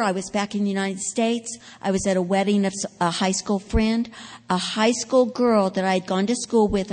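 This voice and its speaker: A woman giving a sermon testimony, telling her story with drama and growing loud at the key points. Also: medium pitch, long reverb tail. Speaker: preacher.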